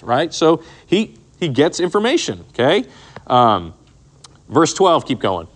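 Animated, lively-pitched male Bible teacher. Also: takes it slowly. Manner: animated, acts out characters in quotes, frequent "right?" and "okay?". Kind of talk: casual Bible study teaching.

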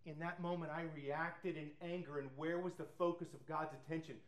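A man's voice: a little high, normal speed. A middle-aged male pastor preaching and leading a Bible study, telling stories with acted quotes. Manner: animated storytelling with acted quotes.

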